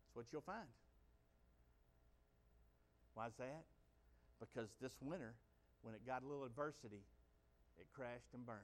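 A middle-aged male pastor preaching a folksy sermon, by turns quiet and conversational and loud and excited. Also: medium pitch, normal speed, pauses often.

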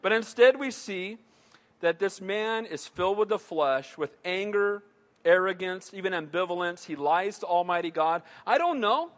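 A male pastor with a notably high voice delivers an emphatic sermon, punctuating points with call-outs to the congregation. His voice rings out with a long reverb from a large church hall. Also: normal speed. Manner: emphatic preaching, frequent call-outs of "Amen?", acting out quoted voices.

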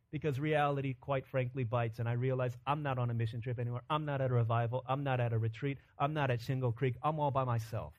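A man preaching a sermon with animated delivery, acting out voices in quotes. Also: medium pitch, fast, hardly any pauses. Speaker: pastor.

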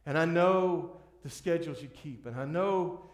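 This pastor's voice is fairly high, moving at a normal speed as he preaches in an echoing sanctuary. He pleads earnestly and keeps starting his sentences over.

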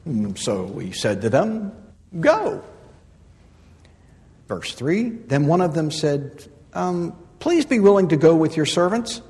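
A man preaching a sermon who reads scripture, then explains it with humor, stressing points by repeating phrases and swinging from loud to soft. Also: a little high, sing-song, slow, long pauses, in a large hall. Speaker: pastor.

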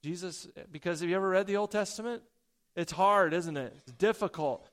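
A man preaching a sermon, telling a personal story with loud emphasis, soft asides and stammered repeats. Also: high-pitched. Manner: stammers and repeats words when excited. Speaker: pastor.

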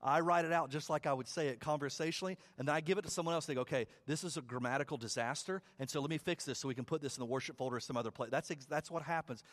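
A man preaching a sermon as pastor, talking conversationally, repeating words, and building to loud, high climaxes. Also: very fast, few pauses.

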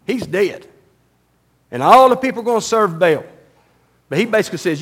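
A male pastor preaching a sermon, reading scripture and explaining it conversationally, swinging from loud and high to low and quiet. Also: moderate pace, long pauses, husky. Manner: animated, rising loud and high when mocking, dropping low and quiet on solemn lines; reads scripture aloud, then explains it conversationally.

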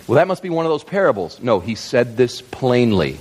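Animated, jokey male preacher. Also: mid-range voice, fairly quick, slightly rough, big-room sound. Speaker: pastor. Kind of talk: sermon.

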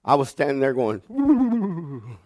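A pastor in the pulpit, telling stories with a folksy, animated delivery and chuckling along the way. His voice sits a little higher than most men's, and the sound is close and dry with almost no room echo. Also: normal speed. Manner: folksy, animated storyteller who laughs through his stories. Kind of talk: sermon with storytelling. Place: church sanctuary.

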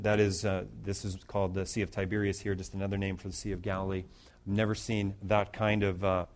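A man's voice: lowish voice, a little mellow. A man pastor preaching through a Bible passage in a conversational way, with restarts and rising emphasis. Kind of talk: expository sermon.

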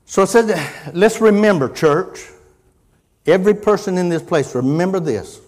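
A middle-aged man preaching a sermon, folksy in tone, moving from quiet musing to loud impassioned preaching. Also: sits high, expressive, moderate pace, big-room sound. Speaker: pastor.

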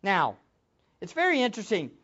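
A man's voice: sits high, huge pitch swings, moderate pace, sharp tone, lo-fi sound. A man preaching a sermon as a pastor, emphatic, with much repetition for stress.

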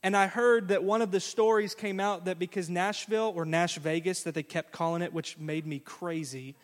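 A man preaching a sermon as pastor, folksy and conversational, acting out quotes in a lively way. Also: high-pitched, normal speed. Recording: long hall reverb.

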